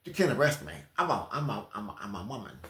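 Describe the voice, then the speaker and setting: A man doing a deep-voiced defiant arrestee. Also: big pitch swings, fast, a bit bright. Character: man insisting he is a woman.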